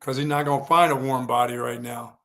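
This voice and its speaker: A man's voice: mid-range voice, fairly even intonation, a little fast, gravelly, fairly bright tone. A man co-hosting a sports talk show, chatting casually in a rambling, folksy way that often repeats itself. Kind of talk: casual sports radio chat.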